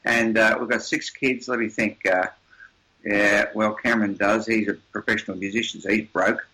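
An older man speaks in a forceful, bright voice as he tells stories in an interview. He hammers his points with emphasis and often repeats words as he builds toward a lesson. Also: on the low side, steady tone, moderate pace, poor audio. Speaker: interview guest, seminar presenter. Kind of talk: storytelling conversation.

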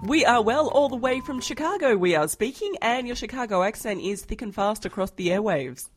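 A woman's voice: fairly high pitch, brisk, faint music behind. A woman hosting a finance podcast, delivering a polished scripted introduction and asking interview questions. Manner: polished, lively presenter delivery. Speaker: podcast host and financial journalist.

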